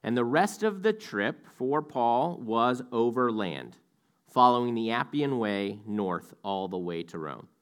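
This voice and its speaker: A man teaches the Bible verse by verse in a relaxed, conversational way. His voice sits at an ordinary middle pitch. He now and then pauses to correct himself with small asides. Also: smooth.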